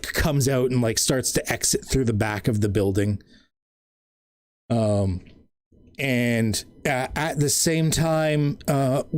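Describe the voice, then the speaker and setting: Slow, hesitant male game master. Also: medium pitch, a little mellow. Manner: rambling, full of ums and uhs. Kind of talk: narrating a tabletop game.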